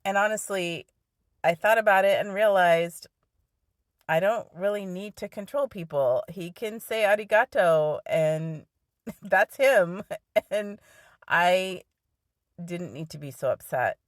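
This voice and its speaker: A woman's voice: medium pitch, slow pace, dry recording, studio quality. A woman telling a personal story in a casual way, often laughing as she goes. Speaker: vlogger.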